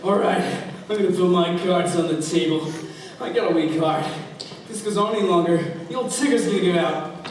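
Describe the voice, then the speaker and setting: A man's voice: high-pitched, brisk, background noise, lightly acted. A man playing an anxious, blustering theatre producer, recorded from far off in an echoey hall. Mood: fretful. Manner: brash, fretful. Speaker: stage actor. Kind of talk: school stage musical acting.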